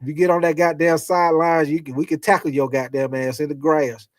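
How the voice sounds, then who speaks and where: A man hosting a casual sports livestream, reading viewer comments and talking football with loose, profane, animated chatter. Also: fairly high pitch, brisk, no echo. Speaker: sports talk livestream host.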